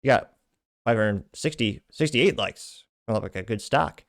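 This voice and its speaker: A man from Texas hosts a political commentary show, reading out social media posts. He drops sardonic, dry asides between them. His voice sits at a middling pitch, close and dry with no room sound. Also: expressive, unhurried, vocal fry, no room sound.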